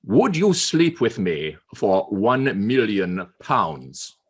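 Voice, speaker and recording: A man doing a gruff, deep-voiced old statesman. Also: sing-song, drawn-out words, full character voice. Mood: sly. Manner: dry, cutting delivery. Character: gruff, witty older male statesman.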